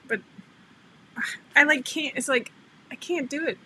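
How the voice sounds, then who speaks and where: A woman's voice: sits high, slow, long pauses, pushed and bright, a little hiss or hum, low-quality recording. A middle-aged woman hosting a casual livestream, chatty and laughing often as she greets viewers by name over a computer mic. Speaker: livestream host.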